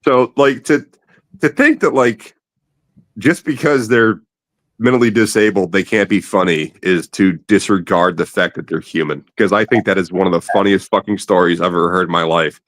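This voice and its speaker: A man's voice: deep voice, normal speed, a bit bright, no echo. A man hosting a casual late-night chat, rambling through stories and swearing freely. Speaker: podcast host.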